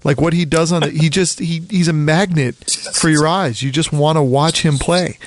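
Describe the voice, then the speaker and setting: A man from the Philadelphia area chatting casually about college basketball, rambling and animated, often acting out quotes. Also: fairly high pitch, normal speed, dry recording. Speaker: podcast co-host. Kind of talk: casual sports chat.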